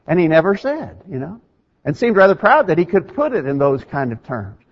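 Emphatic preacher man, lively pitch. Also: fairly quick, slightly rough. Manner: emphatic, rises in pitch and volume for stress. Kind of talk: sermon. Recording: dull lo-fi recording.

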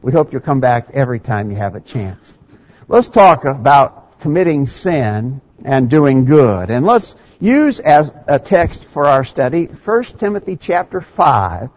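A man preaches to his congregation in a plain, conversational way, slipping into dry irony before reading scripture aloud. His voice sits a little high for a man. The church recording sounds dull and lo-fi. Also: very animated, a little slow. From Middle Tennessee. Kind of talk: sermon. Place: church sanctuary.

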